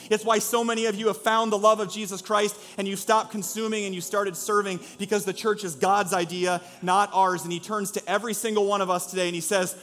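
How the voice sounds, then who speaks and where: High-voiced man preaching emphatically. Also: fairly quick, few pauses, a bit bright, soft background music. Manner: emphatic, repetitive preaching cadence. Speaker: pastor. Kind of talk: sermon. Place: church in a former car dealership.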